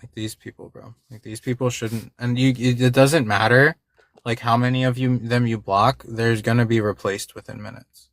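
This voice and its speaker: A man's voice: medium pitch, steady tone, normal speed, dry recording, studio quality. A man hosting a livestream, talking casually and with frustration to his chat, swearing and repeating himself. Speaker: livestream host.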